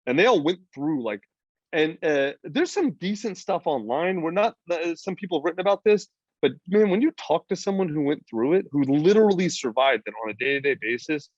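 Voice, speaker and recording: A man's voice: a little high, expressive, brisk, dry recording. A man, a podcast guest talking casually, blunt and profane, rambling with lots of fillers. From United States. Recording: slightly dull, dry lo-fi audio.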